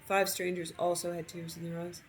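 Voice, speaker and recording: A woman with a lowish voice narrating a story over gameplay, reading expressively. Faint game music plays quietly behind her. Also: level tone, a little fast, low-quality recording.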